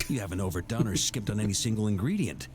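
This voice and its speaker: An actor playing a hearty middle-aged knight grandmaster in a game, talking in a measured, formal, storytelling way. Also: male voice, lowish voice, expressive, lightly acted. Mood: genial. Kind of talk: game voice acting.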